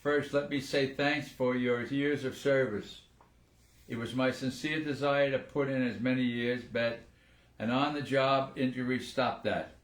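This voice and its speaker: An older man co-hosts a casual live stream, speaking at a middle pitch. He tells his stories in an earnest, plain way. The room gives his voice a noticeable echo. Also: fairly even intonation, unhurried. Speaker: retired firefighter, co-host.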